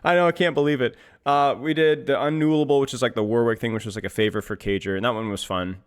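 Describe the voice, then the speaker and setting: A man hosting a casual live stream for his viewers. He giggles easily and keeps cracking up as he talks. His speech is loose, rambling and full of slang, at an ordinary mid pitch. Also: fairly even intonation, quick pace, smooth. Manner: giggly, keeps breaking into laughter. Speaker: streamer and game coach.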